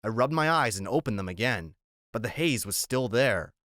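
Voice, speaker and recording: A man reads a novel aloud at a measured, even pace, with a voice of middle pitch. The sound is dry and close, with no room around it. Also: no room sound. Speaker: audiobook narrator. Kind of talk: audiobook narration.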